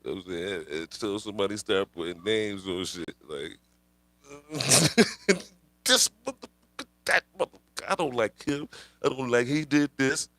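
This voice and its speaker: A man with a lowish voice rants on a livestream, rambling through slang and swearing and laughing as he goes. The sound is dry and close, with no room around it. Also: moderate pace, no room sound. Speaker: livestream host. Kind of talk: casual live-stream rant.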